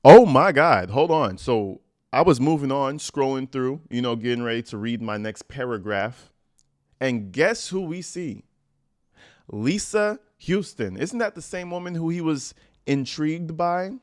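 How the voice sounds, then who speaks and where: A man's voice: mid-range voice, lively intonation, measured pace. A man hosting a reaction channel, reading letters aloud and breaking in with blunt, profane, mocking commentary.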